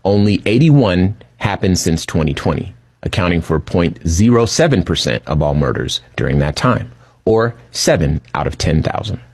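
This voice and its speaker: A man giving casual commentary, reading data aloud in a relaxed way, with frequent fillers. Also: low-pitched, normal speed, husky, no echo.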